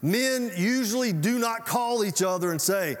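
A man's voice: sits high, lively intonation, a little slow, faint music behind. A man preaching a sermon as pastor, folksy and conversational, often asking the congregation questions. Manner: folksy, conversational preaching with audience call-outs. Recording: reverberant hall sound.

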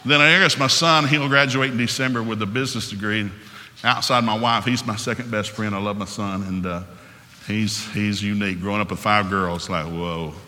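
A middle-aged preacher with a bright, forceful voice tells family stories in a folksy way. He acts out the dialogue between the people in his stories. His voice carries a long reverb from a large hall. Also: lowish voice, fairly even intonation, moderate pace, a little hiss or hum. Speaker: pastor. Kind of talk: sermon with storytelling.

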